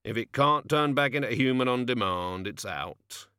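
A man voicing a grumpy working-class male doorman who talks low, gruff and muttering. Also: lively intonation, normal speed, bright, forceful tone, no echo, clean studio sound. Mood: grumbling.

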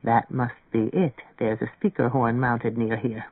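A man voicing a gentle, kindly older record-shop owner in an audiobook reading, speaking softly and patiently, with a dry, phone-like narrow sound. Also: mid-range voice, measured pace, no room sound, pitched below the performer's own voice, close to an everyday voice. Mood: calm. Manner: soft, calm, patient.

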